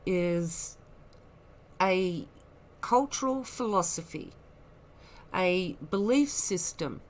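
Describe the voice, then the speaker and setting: Slow, scornful woman. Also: medium pitch. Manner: slow, rambling and scornful, with many asides. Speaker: online commentator. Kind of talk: critical commentary.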